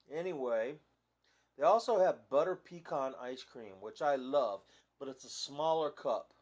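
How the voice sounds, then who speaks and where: A man's voice: medium pitch, a little mellow. A man chatting casually on a phone live video, easygoing and rambling with lots of fillers. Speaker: vlogger. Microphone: phone camera propped nearby.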